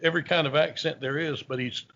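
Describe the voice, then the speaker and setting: A man's voice: on the high side, fairly even intonation, quick pace, gravelly, bright, forceful tone. A male host in a casual interview, chiming in with eager fan remarks and fillers. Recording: dull recording.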